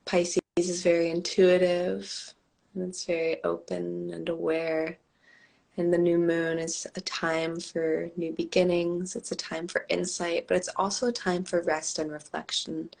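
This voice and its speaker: A woman with a hoarse, scratchy voice, speaking low and gravelly. She guides a meditation at a slow, calm cadence on a live home stream. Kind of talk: guided meditation and casual chat.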